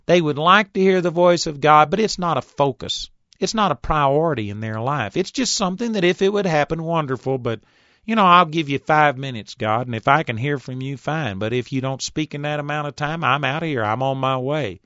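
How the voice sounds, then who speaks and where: A man in his fifties giving an earnest Bible teaching, reading scripture slowly and deliberately, on a recorded tape. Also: fairly high pitch, bright, forceful tone, dry recording. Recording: dull, dry tape recording.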